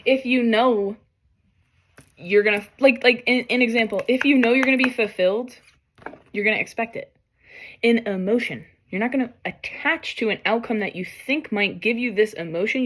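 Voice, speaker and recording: A woman talks through a tarot spread for her viewers in a slightly high voice. She keeps breaking off in halting, apologetic bursts, overwhelmed and near tears. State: crying at times. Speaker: tarot reader. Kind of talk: emotional tarot reading vlog.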